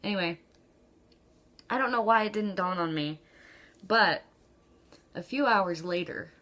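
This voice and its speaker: A woman vlogger telling a personal story in a casual, chatty way, with frequent laughs and ums, jumping up in pitch when she acts out quoted lines. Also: a little slow, bright, forceful tone.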